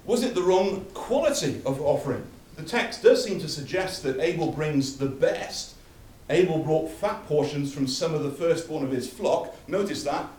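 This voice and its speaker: A man's voice: on the high side, animated, moderate pace, hardly any pauses, a little mellow, a little hiss or hum. A man preaching a sermon, emphatic and building through repeated phrases, recorded from a distance in a church hall. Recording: echoey hall from far off.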